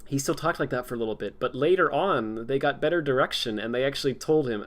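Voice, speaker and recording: A young man talks loosely on a livestream, circling his points with fillers and frequent laughs. His voice sits at an ordinary middle pitch. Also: fast talker. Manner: rambling, laughs often, lots of fillers. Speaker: streamer. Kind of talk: casual chat.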